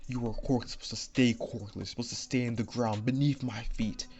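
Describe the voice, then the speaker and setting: A man's voice: mid-range voice, steady tone, normal speed, a little mellow, dull audio, soft background music, lightly acted. A man voicing a hot-tempered teenage boy rival in a fan story, sounding angry and scornful.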